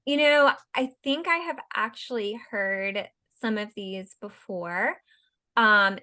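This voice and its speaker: A woman co-hosting a podcast, her voice sitting a little high. She thinks aloud in casual chat, hesitating and leaning on "you know" as she works through ideas. She speaks into a podcast mic. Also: pushed and bright. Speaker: podcast co-host.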